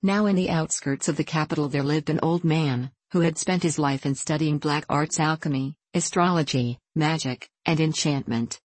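A woman narrating a fairy tale in a measured, steady audiobook reading. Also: sits low, dry recording.

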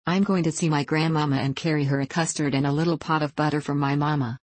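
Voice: mid-range voice, fairly even intonation, fast talker, dry recording, lightly acted. A reader voicing an innocent little girl. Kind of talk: storybook reading.

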